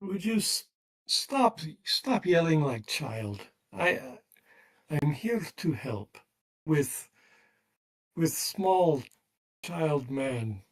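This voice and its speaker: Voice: mid-range voice, very animated, very slow, pauses often, exaggerated voice. A tabletop player voicing a blunt Dragonborn warrior who talks in clipped, broken sentences. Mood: irritated. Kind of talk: tabletop role-play.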